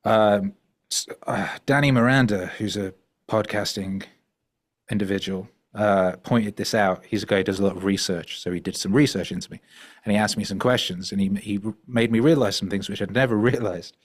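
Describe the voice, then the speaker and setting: A middle-aged man, a podcast guest, telling stories in an animated, rambling way, full of fillers and restarts. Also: fairly low pitch, brisk. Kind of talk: storytelling conversation.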